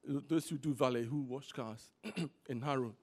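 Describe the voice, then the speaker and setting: A man preaching a sermon, repeating key words for emphasis and telling stories in an animated way. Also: medium pitch, a little slow, breathy edge. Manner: animated storytelling.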